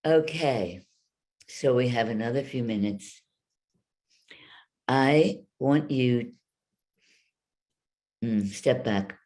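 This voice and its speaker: A woman's voice: very deep voice, darkish tone. A woman voice coach teaching an online workshop, explaining and demonstrating sounds over a video call. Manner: demonstrative, drawn-out vocal examples.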